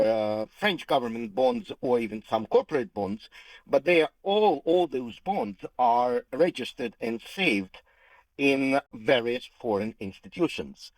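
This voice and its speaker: A man's voice: mid-range voice, no room sound, rough recording. Hesitant man explaining finance, dry sound. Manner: hesitant, many "uh" fillers, careful explaining. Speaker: economist guest. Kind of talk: explanatory interview answer.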